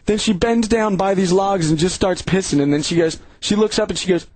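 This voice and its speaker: Guy hosting a radio show, swears a lot, laughs while telling stories, a bit high-pitched. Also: a little fast, dry recording, rough recording. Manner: profane, animated storytelling with lots of laughter. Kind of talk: casual chat.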